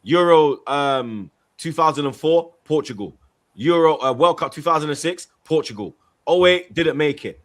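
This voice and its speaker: A man co-hosting a football podcast in casual, slangy chat. His voice swings widely up and down and sits a little high. He stresses his points hard. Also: normal speed. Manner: animated, slangy, emphatic.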